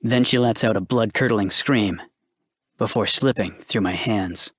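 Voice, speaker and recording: A man narrating a dark romance audiobook in the first person, with an intense, dramatic delivery. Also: lowish voice, measured pace, slightly rough, no echo, studio quality.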